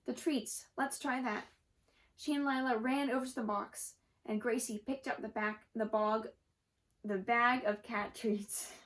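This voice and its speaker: A woman's voice: on the high side, steady tone, a little slow, rough recording. Woman reading a children's story aloud. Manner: gentle, occasional slips and self-corrections.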